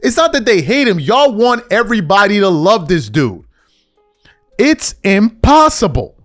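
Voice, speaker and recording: A man's voice: high voice, sing-song, normal speed, dry recording, clean studio sound, faint music behind. A man hosting a sports podcast, ranting heatedly and slangily with mocking impressions of fans. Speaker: podcast host. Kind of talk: heated sports commentary rant.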